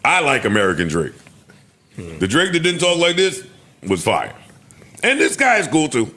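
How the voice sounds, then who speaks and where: Animated, bright-voiced man on a podcast. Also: a little high, moderate pace. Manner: animated, playful storytelling. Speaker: podcast co-host. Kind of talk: casual podcast banter.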